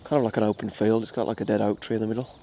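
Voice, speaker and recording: A man's voice: on the low side, little pitch movement, racing, dark tone, slight background noise. Chatty Midlands man outdoors. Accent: English Midlands. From England. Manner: chatty, rambling, many fillers and restarts. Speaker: wildlife photographer. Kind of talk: casual vlog narration outdoors. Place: outdoors at a nature reserve.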